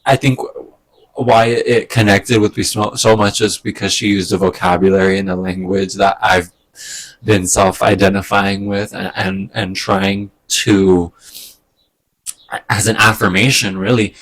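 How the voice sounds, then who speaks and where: A man talking in a casual personal vlog, hesitant and rambling, getting emotional with soft laughs. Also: on the low side, flat delivery, unhurried. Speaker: vlogger. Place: indoors at home during a move.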